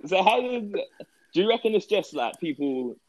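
A man's voice: sits high, sing-song, moderate pace, noisy background. An English man co-hosting a podcast, chatting casually and joking. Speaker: podcast co-host. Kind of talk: casual chat.

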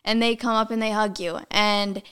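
A young woman guest chatting casually, full of "like" and quick giggles. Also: medium pitch, steady tone, fairly bright tone, clean tone. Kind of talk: casual chat.

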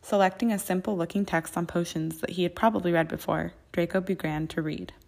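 A woman's voice: lowish voice, steady tone, a little fast, gravelly, darkish tone. Woman reading a fanfic audiobook. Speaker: narrator. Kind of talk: fan fiction audiobook narration.

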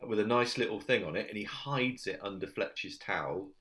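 A man's voice: fairly low pitch, a little fast, a bit bright. A man chatting casually, retelling sitcom scenes with lots of restarts and acted-out lines. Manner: rambling, many restarts, acts out quoted lines.

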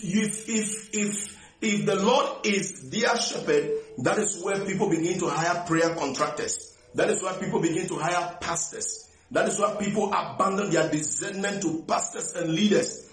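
High-voiced preacher man in an echoey room. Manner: repeats phrases slowly for emphasis, drawn-out words; stumbles and restarts often, laughs between phrases. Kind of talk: sermon.

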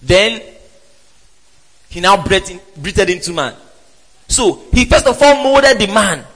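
Emphatic preacher with reverb. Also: male voice, high-pitched, big pitch swings, slow, fairly bright tone. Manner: emphatic, with sudden exclamations and rhetorical questions. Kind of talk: sermon. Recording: reverberant hall.

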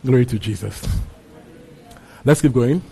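A man's voice: mid-range voice, a little slow, vocal fry, warm tone, a little hiss or hum, poor audio. A man preaching a sermon, repeating his phrases and asking the congregation questions. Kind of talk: sermon teaching on a Bible passage.

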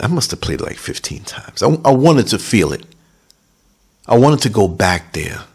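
A man hosting a podcast, talking through a reflective monologue that grows animated when he recalls moments. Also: low-pitched, creaky, breathy edge. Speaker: podcast host. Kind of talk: casual monologue.

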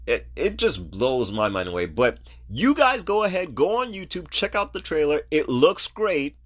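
A middle-aged man hosting a podcast, giving casual solo movie commentary in an animated, ranting way and laughing at his own jokes. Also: mid-range voice, moderate pace, few pauses. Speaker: podcast host.

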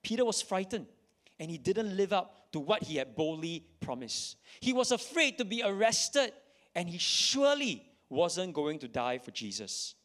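A man's voice: a little high, a bit bright. A man preaching a sermon to a live audience, reading scripture dramatically and repeating key lines for emphasis. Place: church in front of an audience.

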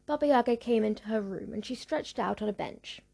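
A woman narrating a folktale in a measured, rhythmic storybook reading. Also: on the high side, vocal fry, warm tone, husky.

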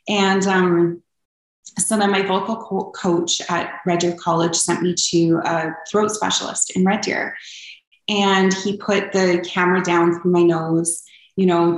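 A young woman telling her personal story as an interview guest, earnest and open, with frequent ums. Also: lowish voice. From Canada. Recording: echoey room.

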